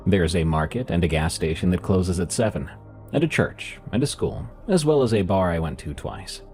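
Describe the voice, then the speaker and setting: Man, deep voice, nasal, lively intonation, scripted horror narration, soft music. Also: normal speed. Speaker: horror story narrator and podcast host.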